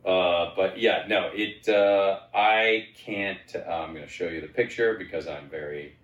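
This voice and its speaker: A man in his forties telling stories as a guest in a casual chat. He wanders through his sentences and jumps into high, excited voices when quoting himself. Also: measured pace, echoey room, dull audio. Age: 40s.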